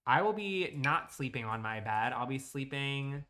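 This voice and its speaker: A bossy little girl dog with a sassy, mock-indignant attitude, as a man puts her on. She talks slowly and with drawn-out attitude, complaining in a casual live-stream bit. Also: mid-range voice, expressive, sharp tone.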